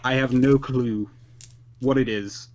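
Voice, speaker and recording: A man's voice: mid-range voice, steady tone, slow pace, a little mellow, muffled recording. A man playing his character in a tabletop game over a call, polite and earnest with careful phrasing. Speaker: player.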